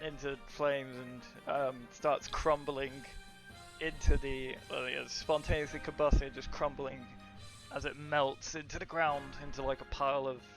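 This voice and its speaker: A man's voice: fairly high pitch, fairly bright tone. A young man narrating a tabletop game as game master, loose and laughing with many fillers.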